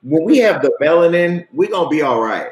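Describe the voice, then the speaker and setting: Relaxed male host in a roomy space. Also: fairly high pitch. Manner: relaxed, quick to laugh. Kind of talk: casual interview chat. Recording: roomy echo.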